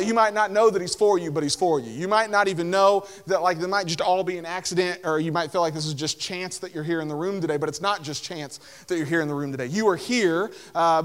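Man, young adult, casual sermon, chatty with lots of "like", high voice. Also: a bit bright. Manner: conversational, lots of "like", acts out voices of Bible figures. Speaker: pastor.

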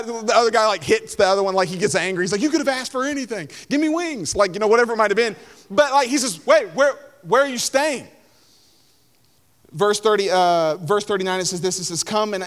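A young man preaching a casual sermon, filling his talk with "like" and acting out the people in the story. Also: high-pitched. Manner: conversational, lots of "like", acts out voices of Bible figures. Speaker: pastor.

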